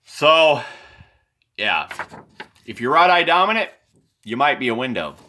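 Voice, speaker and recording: A man rambling through an unscripted explanation of his drawings, repeating and correcting himself as he goes, often sinking low and quiet at the ends of phrases. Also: big pitch swings, unhurried, slight background noise. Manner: meandering, repetitive, self-correcting.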